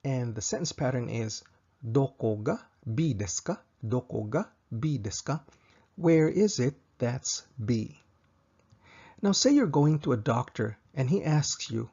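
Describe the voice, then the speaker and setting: Male language tutor: husky, gravelly, patient, repeats each phrase twice, dull lo-fi recording. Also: mid-range voice, expressive, warm tone. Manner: slow, careful, repeats each example twice for practice. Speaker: Japanese language teacher.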